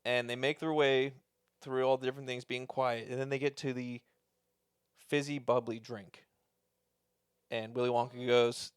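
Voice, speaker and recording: Male co-host, casual and profane, animated storyteller; smooth voice, dry close sound. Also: mid-range voice, normal speed, pauses often, no room sound. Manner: animated, profane retelling of a movie plot. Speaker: podcast co-host. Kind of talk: casual chat.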